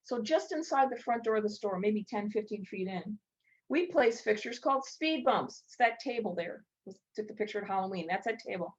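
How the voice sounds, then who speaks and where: A woman's voice: medium pitch, expressive, a little fast, muffled recording. A woman presenting retail strategies at a speaker showcase, telling stories with playful asides.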